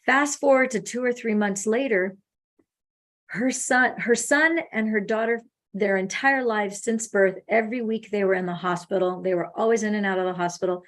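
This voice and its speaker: A woman's voice: medium pitch, moderate pace. A woman hosting a casual call, telling stories with acted-out quotes. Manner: animated storyteller acting out quoted speech. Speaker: host. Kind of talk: casual phone consultation.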